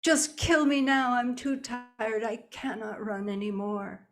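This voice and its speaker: A woman's voice: a little slow, close to an everyday voice. Woman voicing an exhausted pleading she-fox. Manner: high, loud, weary pleading.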